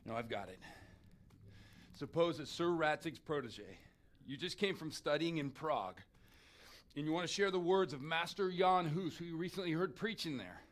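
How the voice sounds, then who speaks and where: An actor playing a hungover, foul-mouthed middle-aged village priest in a video game, groaning, swearing and pleading. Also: male voice, on the high side, expressive, moderate pace, close to an everyday voice. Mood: scheming.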